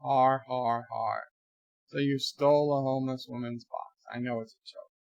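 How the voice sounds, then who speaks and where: Reading viewer comments on a casual livestream from his bedroom, an American man jokes, rambles, and throws in animated asides. He talks fairly quickly at a medium pitch, with no room sound in the recording.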